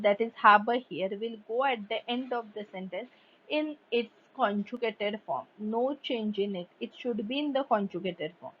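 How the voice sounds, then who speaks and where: Woman teacher, higher voice, walking students through grammar rules, muffled lo-fi audio. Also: a little hiss or hum. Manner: reads German examples, then explains slowly in English. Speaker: German teacher. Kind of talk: grammar lesson explanation. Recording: dull lo-fi recording.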